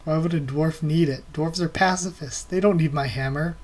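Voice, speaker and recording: A man voicing a gruff, hot-tempered male lord who guards his hammer, reading the lines in close to his own voice. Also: fairly high pitch, normal speed, lightly acted. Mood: indignant. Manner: read aloud in a near-normal voice.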